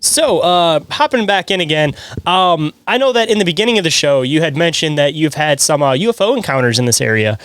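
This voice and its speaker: Higher-voiced man hosting a podcast. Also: brisk, few pauses, smooth, dry recording. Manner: relaxed, filler-heavy questioning. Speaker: podcast host. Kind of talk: casual interview.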